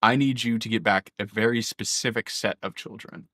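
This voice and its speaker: A man's voice: fairly low pitch, steady tone, moderate pace, fairly bright tone, no echo, studio quality. A man doing a stern matriarch in a tabletop game. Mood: grave. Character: grave matriarch leader, mother of a household.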